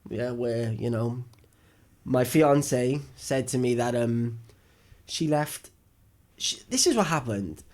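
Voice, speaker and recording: Young male podcast host, casual rambling storyteller, mid pitch. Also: expressive, takes it slowly, a little mellow. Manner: rambling storyteller, jokey, acts out dialogue. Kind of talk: casual chat.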